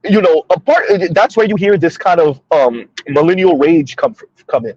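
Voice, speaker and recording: A man's voice: fairly high pitch, animated, normal speed, darkish tone, breathy edge, dry recording, lo-fi sound. A man in his thirties giving casual livestream commentary, rambling and repeating himself, laughing at his own jokes.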